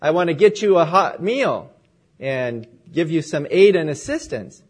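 A man voicing a kindly, determined wealthy woman in a sermon story, speaking gently and earnestly. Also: a little high, very animated, unhurried, slightly rough, heavily acted.

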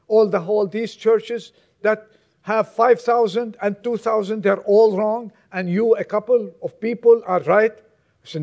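A male pastor preaching a sermon to his congregation, emphatic and moving between loud exhortation and quiet, low asides. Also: steady tone, unhurried, creaky.

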